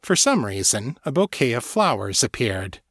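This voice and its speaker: A man reading a fantasy story aloud as a narrator, in a steady, measured storytelling voice. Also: medium pitch, no room sound, studio quality. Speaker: audiobook narrator. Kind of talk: scripted fiction narration.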